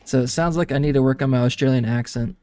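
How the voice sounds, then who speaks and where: A man's voice: mid-range voice, quick pace, warm tone, faint music behind. A man streaming a game, rambling and chatting casually to his viewers and laughing often.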